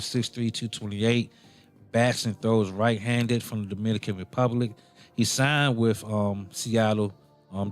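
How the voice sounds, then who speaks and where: A man hosting a casual sports radio show, rambling and playful, with many ums and self-corrections. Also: fairly low pitch.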